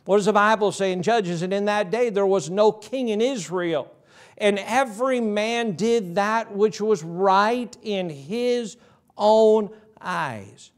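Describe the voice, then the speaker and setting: A middle-aged man delivers a sermon in a church sanctuary, his voice sitting high for a man. He preaches in a folksy, conversational way, tossing rhetorical questions to the congregation and answering them himself. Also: slow. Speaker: pastor.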